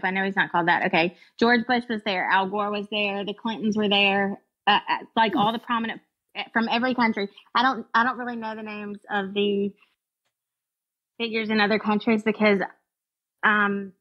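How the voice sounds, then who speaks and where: A woman's voice: mid-range voice, highs cut off. A woman co-hosting a podcast, chatting casually and joking with sarcasm. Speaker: podcast co-host. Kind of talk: casual chat.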